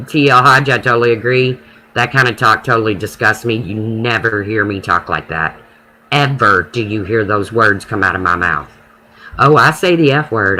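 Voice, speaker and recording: A man's voice: medium pitch, bright, forceful tone, a little hiss or hum, poor audio. A man running a casual live stream, talking to his viewers and answering their comments by name in an emphatic, preachy way.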